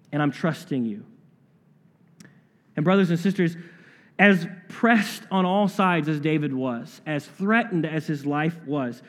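Preaching man in a reverberant hall. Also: a little high. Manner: earnest preaching, slowing to stress key phrases. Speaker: pastor. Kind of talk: sermon.

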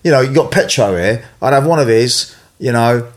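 A man's voice: mid-range voice, animated, moderate pace, a little hiss or hum. A middle-aged man with an English accent, telling long, rambling stories in casual chat, full of "you know" and "right?". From England.

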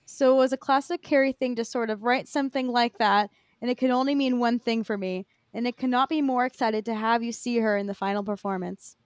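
Chatty higher-pitched woman. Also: steady tone, brisk, hardly any pauses, clean tone, dry recording, clean studio sound. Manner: chatty, recaps with fillers. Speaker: podcast co-host. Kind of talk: casual chat.

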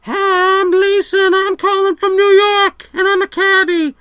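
A man voicing a harried female cab driver calling in, curt and clipped in falsetto. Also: level tone, a little slow, sharp tone, dry recording, studio quality, full character voice. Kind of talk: comedic sketch.

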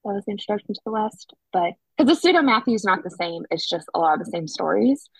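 A woman's voice: mid-range voice, expressive, fast, gravelly, breathy edge, no room sound, low-quality recording. A woman co-hosting a podcast, chatting casually and jumping in with asides and stories. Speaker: podcast co-host. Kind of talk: casual chat.

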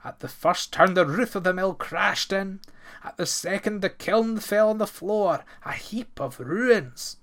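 Bright-voiced male folktale reader. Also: high-pitched, a little slow. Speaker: narrator. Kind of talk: storybook folktale reading.

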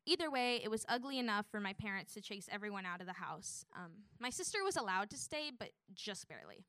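A woman's voice: mid-range voice, very animated, a little fast, pushed and bright, no room sound, studio quality. A young woman, a student, narrating a personal story in a wry tone. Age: young adult.

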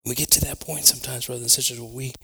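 A man preaching a sermon to his congregation, moving between quiet prayer, personal stories told with acted asides, and loud, shouted preaching. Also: medium pitch, steady tone, racing, gravelly, breathy edge. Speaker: pastor.

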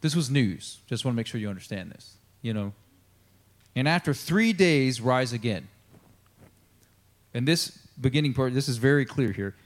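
A man's voice: medium pitch, expressive, normal speed, long pauses. An American man preaching a sermon as a pastor, in a casual, conversational style full of fillers, often acting out the dialogue of Bible figures.

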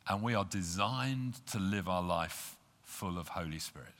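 A man's voice: sits low, animated, a little slow, fairly bright tone. A man preaching an earnest sermon to a congregation, reading scripture aloud. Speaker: pastor. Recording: long hall reverb.

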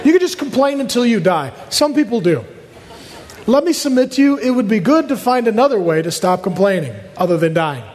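A man delivers a sermon to his congregation in a high, lively voice, acting out complaining voices and adding jokes. His voice carries a long reverb from a large hall. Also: fairly quick, some chatter behind. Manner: animated, acts out quoted voices, jokes with the congregation. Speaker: pastor.

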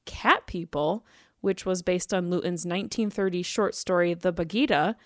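A woman's voice: lowish voice, moderate pace, no echo, clean studio sound. A young woman co-hosting a casual podcast, chatty as she reads film history with side remarks. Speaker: podcast co-host.

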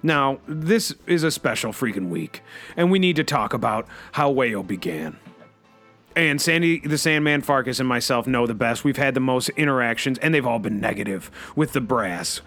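A man hosting a comedy radio show, delivering a rambling in-character monologue full of a repeated catchphrase, swinging between loud outbursts and low asides. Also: expressive, moderate pace, faint music behind. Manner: peppers every sentence with a repeated catchphrase.

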